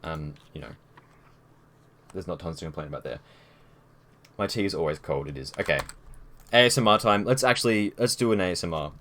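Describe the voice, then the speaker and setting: Deep-voiced young streamer. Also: male voice, a little fast, long pauses, bright, forceful tone, slight background noise. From Australia. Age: young adult. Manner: rambling and easygoing, with many fillers and restarts. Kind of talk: casual live-stream chat. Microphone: headset.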